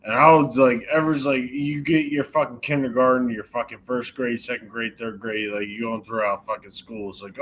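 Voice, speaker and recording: A man with a bright, forceful voice in casual chat, swearing a lot and stumbling over fillers. Faint noise sits under the voice. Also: mid-range voice, fairly even intonation, low-quality recording. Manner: profane, halting, filler-heavy. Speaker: co-host.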